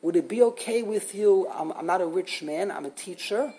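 A woman's voice: on the low side, normal speed, dark tone, lightly acted. A woman voicing a humble male yeshiva teacher who speaks sincerely and apologetically, told within a spoken lesson. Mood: polite. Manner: apologetic and earnest.

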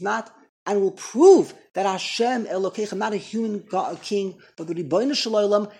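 Man giving a torah lesson, gravelly voice, impassioned, loud emphatic peaks, repeats words. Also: high-pitched. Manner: halting restarts and repeated words. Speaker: Torah teacher.

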